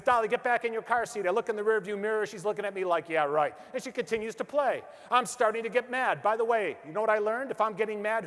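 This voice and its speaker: A middle-aged man giving a motivational stage speech, telling stories energetically and asking the audience questions. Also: sits high. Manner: energetic storytelling, acts out quotes, asks the crowd questions. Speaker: motivational speaker. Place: large hall with an audience. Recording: hall reverb from a stage.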